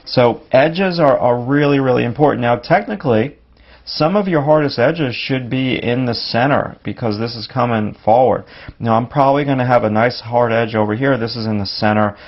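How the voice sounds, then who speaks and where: A man talks through a drawing lesson in a relaxed, casual way, explaining while he works. His voice sits at an ordinary middle pitch. The recording is slightly dull and lo-fi, like an older podcast. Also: moderate pace. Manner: relaxed, explains while demonstrating, with fillers like "you know" and "kinda". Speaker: drawing instructor.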